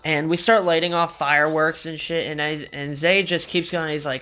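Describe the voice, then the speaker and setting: A man's voice: fairly high pitch, fairly even intonation, normal speed, bright, forceful tone, faint music behind. A young man casually telling a rambling story in a vlog, with loose slangy talk and frequent swearing.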